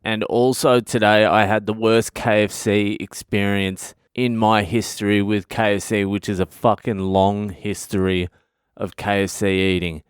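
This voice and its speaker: Australian male comedian, low smooth voice, dry close sound, swears freely while rambling through stories. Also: little pitch movement, unhurried, dry recording. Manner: profane, rambling storytelling. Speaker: comedian and podcast host. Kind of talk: casual comedic monologue.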